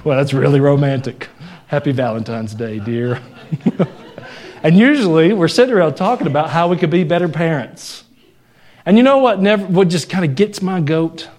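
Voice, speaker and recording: A young adult man preaching a sermon, joking with the congregation and raising his voice to stress points. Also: a little mellow. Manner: conversational, jokes and laughs with the congregation; rises in pitch and volume when stressing a point. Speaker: pastor.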